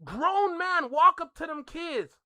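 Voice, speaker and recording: A man's voice: very high-pitched, animated, slow pace, pushed and bright, no room sound, clean studio sound. A man with a Toronto accent hosting a reaction video, talking in a heated, incredulous way and repeating his points. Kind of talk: casual reaction commentary.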